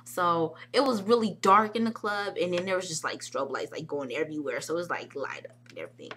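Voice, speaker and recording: A young woman excitedly telling a vlog story, acting out quotes with squeals and shouts. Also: fairly low pitch, a little fast, a little hiss or hum. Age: young adult. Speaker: vlogger recounting a club night.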